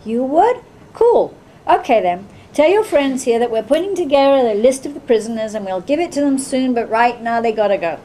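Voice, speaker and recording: A woman's voice: fairly high pitch, animated, brisk, dark tone, a little hiss or hum, lightly acted. A woman reading the lines of a young female soldier who talks bluntly and impatiently. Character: young female American soldier, crude, wary.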